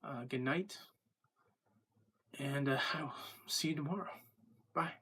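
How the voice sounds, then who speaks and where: A man's voice: a little high, slow, bright, forceful tone, slightly rough. A man talking casually to camera in a daily video diary, rambling with lots of fillers and restarts. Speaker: vlogger.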